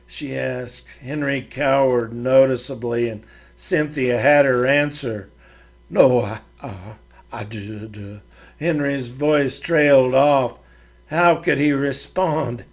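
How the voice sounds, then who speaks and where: A male host reads his western serial aloud in measured storybook narration. His pace is unhurried and his voice has a gravelly texture. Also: medium pitch. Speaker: podcast host and author reading his serial.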